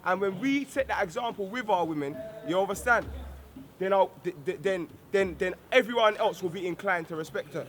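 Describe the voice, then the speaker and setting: A man's voice: sits high, a little fast, fairly bright tone. Earnest man preaching respect. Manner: earnest, repetitive, full of street slang. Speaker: community speaker. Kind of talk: street gathering speech. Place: outdoors at a street gathering.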